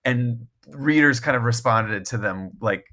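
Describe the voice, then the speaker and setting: A man's voice: medium pitch, measured pace, pushed and bright. A man speaking as a guest author in a casual podcast conversation, rambling and self-deprecating, full of restarts and laughing often. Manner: laughs often mid-thought.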